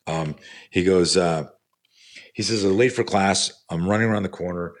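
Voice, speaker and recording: A man in his sixties, a self-defense instructor, telling stories in an animated, profane and rambling way with many fillers. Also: deep voice, moderate pace. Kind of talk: storytelling in a podcast interview.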